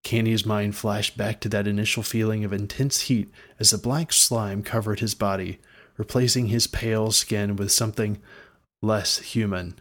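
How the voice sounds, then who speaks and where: Man narrating a fantasy story, low voice. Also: fairly even intonation, normal speed, fairly bright tone.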